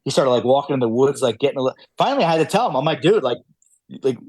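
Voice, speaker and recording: A man's voice: mid-range voice, expressive, racing, a little mellow, slightly rough, no echo. A man guest on a podcast, telling hunting stories casually, with many fillers and restarts. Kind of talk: casual storytelling.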